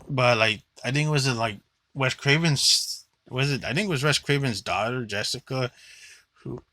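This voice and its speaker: A young man talks through a casual movie review, blunt and rambling, with plenty of filler words and casual swearing. His voice is bright and forward, recorded close and dry with no room sound. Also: lowish voice, no echo.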